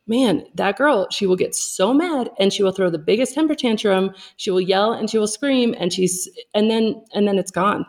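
A woman in her thirties, a podcast guest, talking openly and reflectively in casual conversation and laughing easily. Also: medium pitch.

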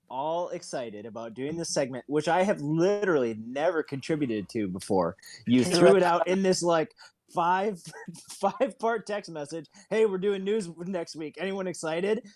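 A man's voice: a little high, expressive, moderate pace, darkish tone, dry recording. A man co-hosting a podcast, firing back laid-back, teasing comebacks with laughs. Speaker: podcast co-host. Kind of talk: casual podcast banter.

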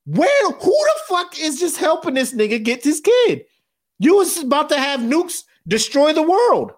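A man co-hosting a podcast, chatting casually about movies, profane and animated, acting out characters' lines as he goes. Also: extremely high pitch, unhurried. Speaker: podcast co-host. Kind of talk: casual movie review chat.

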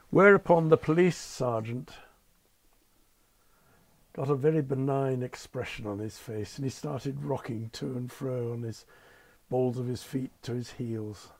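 An older man, once an airline captain, shares anecdotes in conversation with dry understatement, acting out the people he quotes. His voice is medium in pitch and a little slow, with frequent pauses and no echo.

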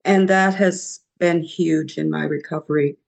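A woman, a podcast guest telling her recovery story in a reflective, halting way. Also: deep voice, fairly even intonation, gravelly, a little mellow.

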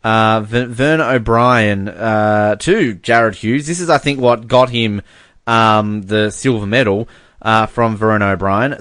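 A man's voice: lowish voice, slow pace, a bit bright, no echo. A man co-hosting a podcast in casual chat, who laughs often while reading messages aloud. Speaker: podcast co-host.

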